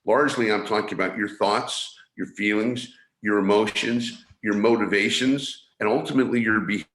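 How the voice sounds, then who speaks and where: A man's voice: lowish voice, fairly even intonation, moderate pace, fairly bright tone. Earnest man on a roomy video call. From San Francisco, USA. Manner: earnest, restarts phrases often. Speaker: guest, energy awareness trainer. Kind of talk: explanatory interview talk.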